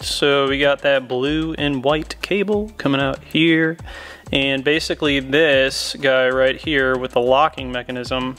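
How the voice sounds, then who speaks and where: A young guy with a mid-range, fairly bright voice walks viewers through a car install step by step. Working inside the vehicle, this car modification vlogger keeps things chatty and upbeat, calling his audience "guys."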